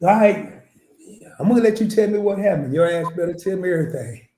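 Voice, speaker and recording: A man's voice: high-pitched, expressive, brisk, mellow, slight background noise. A man quoting his stern, churchgoing mother as she scolds him bluntly. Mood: scolding. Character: stern churchgoing middle-aged mother, angry. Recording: echoey room.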